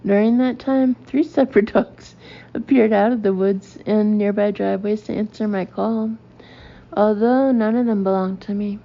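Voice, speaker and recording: Gravelly woman reading a comic memoir. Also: mid-range voice, fairly even intonation, normal speed, dull audio. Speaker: audiobook narrator. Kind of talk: comic memoir audiobook narration.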